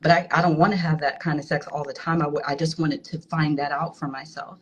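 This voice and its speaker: A woman candidly telling a personal story in a halting way, often restarting her sentences. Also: low-pitched, little pitch movement, highs cut off. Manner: halting, frank, with many restarts. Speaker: guest sharing a personal story.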